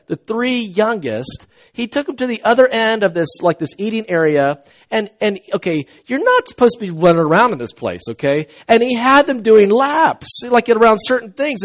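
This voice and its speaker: A man preaching a sermon, telling personal stories with animated swings from loud to hushed. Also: high-pitched, lo-fi sound.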